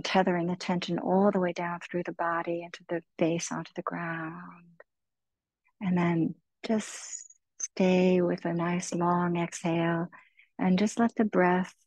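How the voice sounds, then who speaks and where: A middle-aged woman teaching meditation, guiding listeners slowly and soothingly through body, breath and heart. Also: lowish voice, vocal fry, breathy edge, no echo, poor audio. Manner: slow, soothing, gently encouraging. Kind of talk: guided meditation talk.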